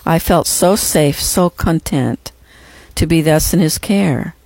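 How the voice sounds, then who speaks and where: Measured, reverent audiobook narrator. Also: mid-range voice, a little mellow, no echo. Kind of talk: audiobook reading of a first-person memoir.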